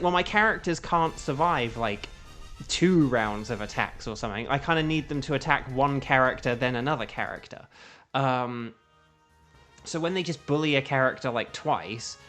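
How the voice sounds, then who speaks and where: A man's voice: a little high, fairly bright tone. A man who is a voice actor, chatting casually to his viewers while streaming a game, rambling and self-aware with lots of fillers. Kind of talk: casual live-stream chat over gameplay.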